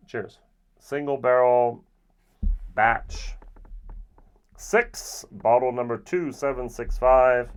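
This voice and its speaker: A man giving a casual, rambling whisky tasting review, often pausing with ums. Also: fairly low pitch, clear, resonant tone. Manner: relaxed, rambling with frequent ums.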